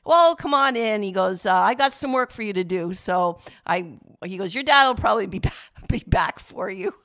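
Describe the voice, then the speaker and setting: A middle-aged woman casually recalls childhood memories of her father, acting out quoted voices in a lively way. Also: mid-range voice, moderate pace. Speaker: daughter sharing memories. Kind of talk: casual storytelling.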